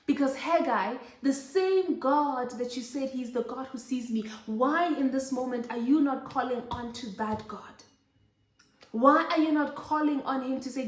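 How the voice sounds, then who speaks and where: Young woman, high voice, fervent repetitive preaching, roomy echo. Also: unhurried. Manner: exhorting, repetitive emphatic preaching. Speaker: host of a Christian motherhood show. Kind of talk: preaching Bible study.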